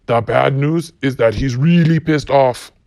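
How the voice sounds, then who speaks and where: A man's voice: mid-range voice, measured pace, gravelly, a little mellow, no echo. Guy grumbling through a cussing rant, dead dry mic, mid voice. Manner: profane, blunt, grumbling. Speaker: podcast host. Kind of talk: solo rant reading quotes.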